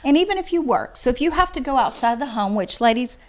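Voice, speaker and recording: A woman's voice: high-pitched, expressive, fast talker. A middle-aged woman, giving earnest, heartfelt advice as an interview guest. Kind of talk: casual conversation.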